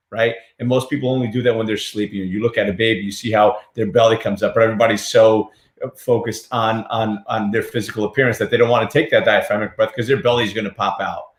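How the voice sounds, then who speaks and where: A man's voice: fairly low pitch, fairly even intonation, brisk. A man hosting a talk show, speaking in a chatty, enthusiastic way with hedging asides. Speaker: podcast host. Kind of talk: casual conversational chat. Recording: roomy echo.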